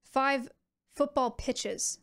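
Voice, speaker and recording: This young adult woman's voice sits high as she streams. She chats animatedly and casually with viewers, peppering the talk with quick asides.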